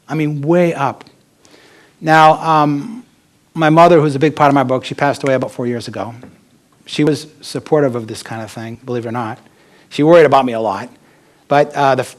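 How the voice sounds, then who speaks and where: A middle-aged American man giving a talk as an author, telling personal stories in a candid, rambling way with asides. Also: medium pitch.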